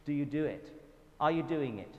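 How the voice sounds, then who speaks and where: A man with a Southern English accent giving a church talk, telling anecdotes in a lively, self-deprecating way. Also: fairly high pitch, normal speed, muffled recording. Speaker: guest speaker at a church event. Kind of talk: storytelling sermon talk. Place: church hall. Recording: reverberant hall with faint background noise.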